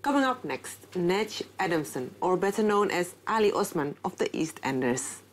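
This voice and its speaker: A woman's voice: fairly low pitch, very animated, normal speed, noisy background. A woman co-hosting a broadcast interview, reading brief scripted links. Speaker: co-host.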